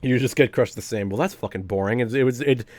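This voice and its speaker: A man's voice: medium pitch, quick pace, a little mellow, dry recording. A young man casually commenting on a game during a live stream, chatty and swearing often. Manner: chatty, profane, laughing often.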